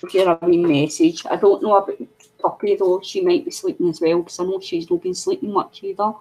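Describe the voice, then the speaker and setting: A woman's voice: on the low side, fairly even intonation, a little fast, warm tone, slightly rough, poor audio. A middle-aged Scottish woman hosting a casual craft livestream, chatting in a loose, rambling way. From Scotland. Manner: chatty, rambling, coos at her pet. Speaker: craft channel host.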